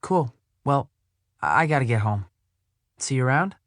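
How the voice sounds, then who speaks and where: A man reading an audiobook, voicing an eager and friendly teenage girl in a bubbly, excitable way. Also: mid-range voice, moderate pace, no echo, studio quality, voice pushed up.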